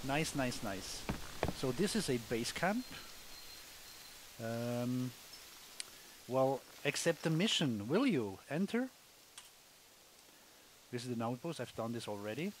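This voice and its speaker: A man's voice: medium pitch, sing-song, takes it slowly, long pauses, a little hiss or hum, low-quality recording. A man casually commenting on a hunting video game as he plays, thinking aloud with wry asides. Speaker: gamer, let's play host.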